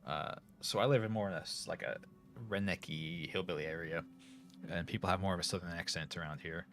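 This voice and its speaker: Low-voiced rambling man chatting on stream. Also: fairly even intonation, a little fast, a bit bright. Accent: Northern US. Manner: rambling, many fillers and restarts. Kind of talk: casual chat to chat viewers. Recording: faint music behind.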